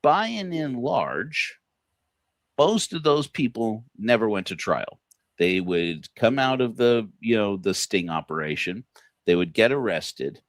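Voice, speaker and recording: A low-voiced man talking loosely on a livestream, full of ums, restarts and little laughs. The sound is dry and close, with no room around him. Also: lively intonation, unhurried, no room sound. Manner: rambling, many fillers and restarts, laughs at own jokes. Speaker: podcast host. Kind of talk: casual livestream commentary.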